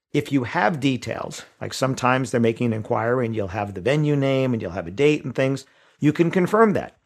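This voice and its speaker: A man at a mid-range pitch teaches wedding vendors how to reply to inquiries. He talks in a conversational way, walking through everyday examples and little asides as he explains each point. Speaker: wedding sales trainer. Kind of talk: instructional talk.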